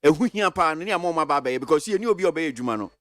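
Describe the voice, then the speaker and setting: A man with a Ghanaian accent hosting a radio talk show, asking quick questions in Twi mixed with English terms. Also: a little high, lively intonation, a bit bright, no echo. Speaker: radio host.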